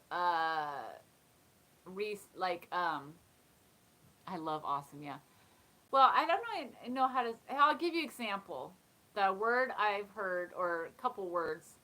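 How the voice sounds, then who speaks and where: A woman's voice: mid-range voice, sharp tone, low-quality recording. A woman hosting a casual live chat, talking in a chatty way, often laughing and reading comments aloud. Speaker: live stream host.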